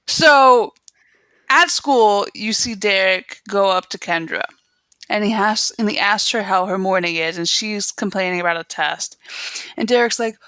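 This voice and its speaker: A woman co-hosting a podcast, recapping a TV episode in casual chat with animated retelling and frequent laughter. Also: mid-range voice, measured pace, clear, resonant tone, no room sound. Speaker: podcast co-host.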